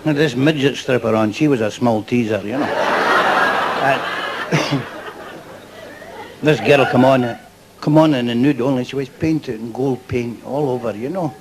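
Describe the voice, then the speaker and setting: Over a noisy club crowd and their laughter, a Scottish comic tells jokes live at medium pitch, speaking a little slowly with long pauses. He meanders through his material and laughs at his own lines.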